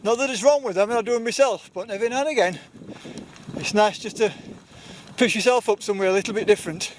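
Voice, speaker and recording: Yorkshire accent, middle-aged man, high-pitched, chatty and rambling, outdoor vlog, faint wind behind. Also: fast. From Yorkshire, England. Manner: rambling, chatty, self-deprecating. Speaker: outdoor vlogger. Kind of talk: casual outdoor camping vlog. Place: outdoors on a windy hilltop.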